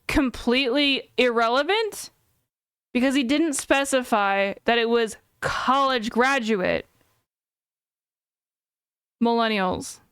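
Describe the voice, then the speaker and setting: A woman's voice: a little high, slow pace, long pauses, fairly bright tone, clean tone, no room sound, clean studio sound. A woman in her thirties reacting on a live stream, thinking aloud in a chatty way with many fillers and self-corrections. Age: 30s. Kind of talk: casual live-stream commentary.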